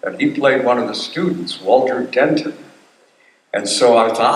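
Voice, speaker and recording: An older man with a mid-range voice speaks at a moderate pace as a voice actor guest on a convention panel, telling wry stories and performing quotes. He sounds distant in a roomy hall, with slight background noise.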